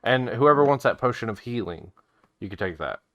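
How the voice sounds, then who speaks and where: A man narrating a tabletop game as game master, casual and halting, with many fillers and restarts. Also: medium pitch, animated, a bit bright, no echo.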